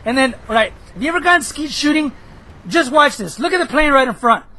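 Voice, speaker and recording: A hoarse man giving rambling, excitable commentary over his own gameplay footage, now and then bursting into shouts. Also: extremely high pitch, brisk, low-quality recording. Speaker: gameplay video host.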